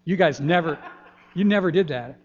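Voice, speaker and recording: An older man, a pastor giving a gentle, folksy children's sermon in a church, pausing often with ums. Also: on the high side. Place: church sanctuary. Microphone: handheld microphone. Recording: dull lo-fi church recording.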